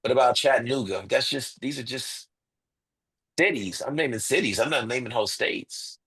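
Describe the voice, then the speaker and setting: A man's voice: medium pitch, moderate pace, fairly bright tone, breathy edge, low-quality recording. A man as an interview guest, making his case emphatically with rhetorical questions and repeated points. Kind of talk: impassioned interview talk.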